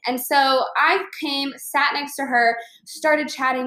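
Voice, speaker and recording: Young woman, from Chicago, casual vlog storytelling, animated, filler-heavy, slightly high pitch. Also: a little slow, hardly any pauses. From Chicago, USA. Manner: chatty, animated, lots of fillers like "like" and "you know". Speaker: vlogger giving social tips.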